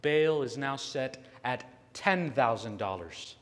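A man voicing a calm, stern judge in a courtroom, in a sermon retelling. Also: mid-range voice, slow, big-room sound.

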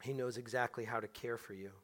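A man preaching a sermon, repeating words and swinging from hushed tones to loud, slow scripture quotes. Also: medium pitch, steady tone. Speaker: pastor.

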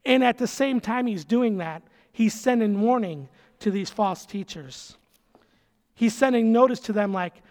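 High-voiced pastor preaching in a reverberant hall. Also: male voice, lively intonation, measured pace. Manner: emphatic, repeats phrases, casual asides. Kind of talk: conversational sermon. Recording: long reverb of a large hall.

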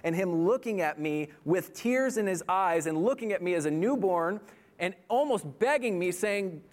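A man's voice: high voice, lively intonation, normal speed. A man preaching a sermon in an earnest manner, telling a personal story and building to impassioned appeals. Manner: earnest, rising to impassioned pleading. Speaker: pastor.

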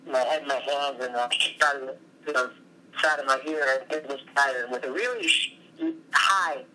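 Bright-voiced man telling a rambling story. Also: mid-range voice, a little hiss or hum, low-quality recording. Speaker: former wrestler, coach. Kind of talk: storytelling interview guest. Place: his office.

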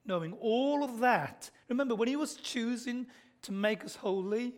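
A man with a Black Country accent preaching a sermon, earnestly and directly addressing his listeners, often dropping to soft, intense tones. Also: very high-pitched, normal speed. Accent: Black Country English.

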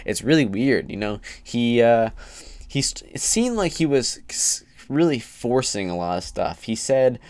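A man's voice: medium pitch, big pitch swings, measured pace, a little mellow, no echo. A man giving opinionated, rambling casual commentary on a podcast, getting heated at times.

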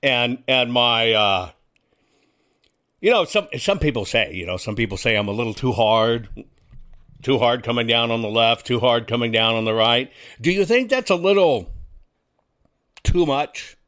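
A man's voice: medium pitch, animated, measured pace, long pauses, fairly bright tone. A man hosting a casual talk show, talking in a folksy, combative way and throwing rhetorical questions at his listeners. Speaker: host.

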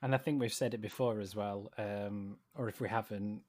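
A man's voice: lowish voice, steady tone, normal speed, a little mellow. A young man with a Sheffield Yorkshire accent co-hosting a casual podcast chat, telling stories and laughing often. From Sheffield, England. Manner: chatty, laughs while telling anecdotes. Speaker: podcast co-host. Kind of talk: casual chat about a TV show.

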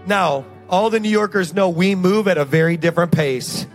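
High-voiced pastor, lively storyteller. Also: male voice, normal speed, soft background music. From Indiana. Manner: animated storytelling, acting out the voices in his stories. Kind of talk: sermon.

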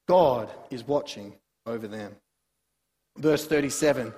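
Male preacher, high-pitched and animated, sermon in a reverberant hall. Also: measured pace. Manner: animated, swings between soft asides and emphatic bursts. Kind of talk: sermon, Bible exposition.

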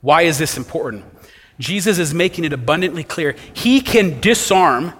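A man's voice: fairly high pitch, animated, normal speed, fairly bright tone, breathy edge, long reverb tail. A man preaching an expository sermon as a pastor, asking rhetorical questions as he explains the text.

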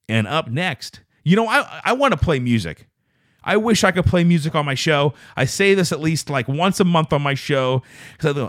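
A man's voice: animated, normal speed, a bit bright, no echo. Man, podcast host, radio-announcer voice, rambling restarts, dry room. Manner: exaggerated radio-announcer delivery, lots of pitch swoops. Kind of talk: solo podcast chat with live viewers.

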